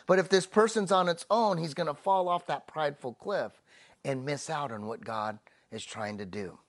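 A male pastor delivers a sermon with emphasis, slowing on key phrases and letting each thought end soft and low.

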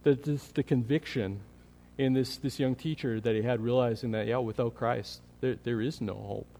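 Guy pastor preaching, mid-pitched voice, earnest, big reverby church sound. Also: fairly even intonation, normal speed. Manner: earnest, builds energy then softens into quiet prayer. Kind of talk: sermon. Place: church sanctuary. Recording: long hall reverb.

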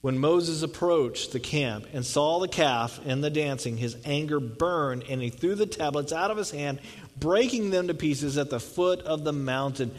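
A man's voice: on the high side, moderate pace, low-quality recording. A man preaching a sermon, reading scripture and explaining it in a conversational way, often repeating words for emphasis. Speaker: pastor.

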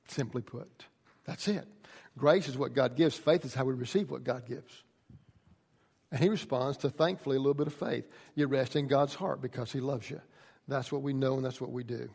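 A man preaching a sermon, shifting from quiet, folksy storytelling to loud, impassioned pleading. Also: on the high side, creaky, big-room sound. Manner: builds from quiet teaching to shouted pleading. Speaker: pastor.

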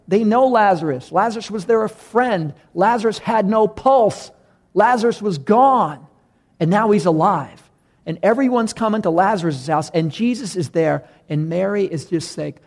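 A man preaching a sermon, reading scripture and retelling it with animated bursts of loud emphasis. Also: fairly high pitch. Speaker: pastor.

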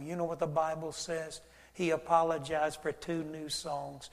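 A man's voice: fairly high pitch, level tone, measured pace, creaky. A man pastor, preaching a sermon and acting out both sides of a conversation as he tells a story. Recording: church hall reverb.

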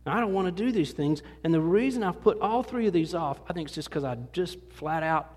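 A man's voice: fairly high pitch, expressive, brisk, hardly any pauses, a little mellow. A middle-aged man, a pastor preaching a conversational sermon in a church. He talks in a folksy, self-deprecating way and often restarts his sentences. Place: church sanctuary. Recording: long hall reverb.

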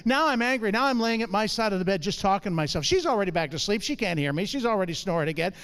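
A man with a strikingly high, smooth and clear voice tells a comic testimony to a church congregation. He is a lively storyteller who keeps pulling the crowd in with calls for a response. He sounds middle-aged. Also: very fast. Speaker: church speaker.

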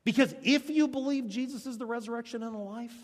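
A male pastor preaching a sermon, swinging between loud, emphatic lines and hushed ones. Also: extremely high pitch, fast talker. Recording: long church reverb.

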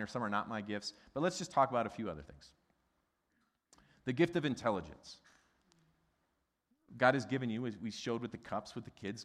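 A middle-aged man from the Midwest preaching a sermon in a conversational, animated way, asking the congregation questions. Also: fairly low pitch. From American Midwest. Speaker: pastor. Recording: long hall reverb.

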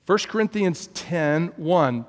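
Pastor preaching in a reverberant hall. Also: male voice, lively intonation, slow. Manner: storytelling, swings from loud emphasis to hushed low tones. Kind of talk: sermon.

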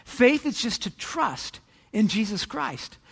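A man's voice: high voice, sing-song, takes it slowly, gravelly, a bit bright, slightly rough, in a large hall. A man preaching a sermon, telling a joke and Bible stories in a casual, conversational way with many restarts. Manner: casual storytelling, with joking asides and restarts. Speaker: pastor.

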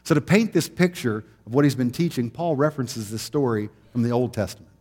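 A man's voice: medium pitch, lively intonation, brisk, a little mellow, husky, long reverb tail. A man preaching a sermon in a conversational storytelling way, with easy laughs. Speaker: pastor.

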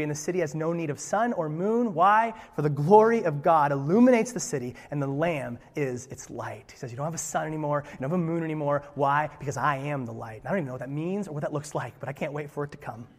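A man's voice: fairly high pitch, in a large hall. A man preaching as pastor, reading scripture and breaking into playful, conversational asides. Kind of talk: sermon.

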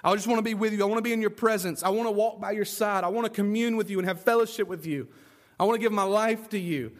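A grateful young man, newly freed, pleads with heartfelt earnestness in a high, lifted voice, as a preacher puts him on. He sounds urgent and devoted, begging to follow. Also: fast, natural voice. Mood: pleading.

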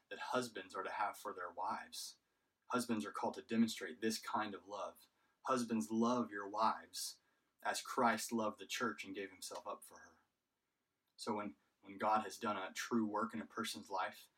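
A pastor with a low voice delivers a sermon to his church at an unhurried pace. He often repeats a word before pressing on. He sounds set back from the microphone. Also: a bit bright, slightly rough, recorded from a distance, low-quality recording. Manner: measured preaching with frequent word repetitions.

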